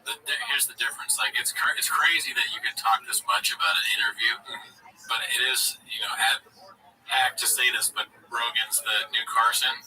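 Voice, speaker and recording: A man's voice: medium pitch, steady tone, a little fast, pushed and bright, far from the mic, low-quality recording. A man co-hosting a casual show, blunt and mocking, laughing often as he rants. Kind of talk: casual profane commentary.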